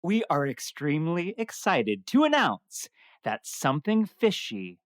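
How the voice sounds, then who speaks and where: A woman's voice: sits low, big pitch swings, unhurried, dry recording, studio quality. A woman playing an eager podcast co-host who hams up a clumsy put-on Australian accent and stumbles over words in a comedic audio drama. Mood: boastful.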